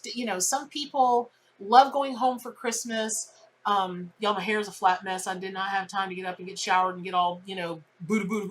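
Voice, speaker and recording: A woman's voice: medium pitch, poor audio. A woman hosting a daily tarot reading on her channel. She talks in a chatty, heartfelt and self-deprecating way. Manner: chatty, emotional, self-deprecating, warm with viewers. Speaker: tarot reader and channel host. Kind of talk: casual spoken tarot reading to camera.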